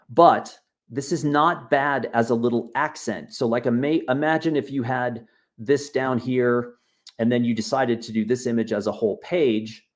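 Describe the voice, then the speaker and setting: Chatty man teaching a software workshop. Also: medium pitch. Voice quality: loose, chatty and encouraging, talking while clicking. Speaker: workshop instructor. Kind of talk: live online software tutorial. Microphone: video call.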